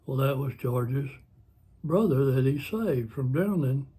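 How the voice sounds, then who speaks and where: A man tells a story in a casual, rambling way and often corrects himself partway through. His voice is slow, husky and dark. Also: medium pitch, expressive. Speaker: vlogger.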